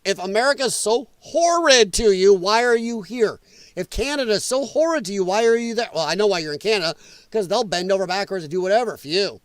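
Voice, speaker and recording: A man's voice: high-pitched, expressive, fairly quick, no room sound. A man hosting a podcast, ranting about the news in a blunt, angry, profane way. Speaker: podcast host.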